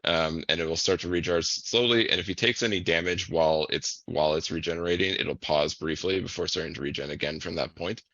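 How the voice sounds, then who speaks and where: A man's voice: low-pitched, a little fast, few pauses, fairly bright tone, no room sound. A man, a game developer in an interview, explaining game mechanics hesitantly with many ums and restarts, in a clip with dull, lo-fi sound.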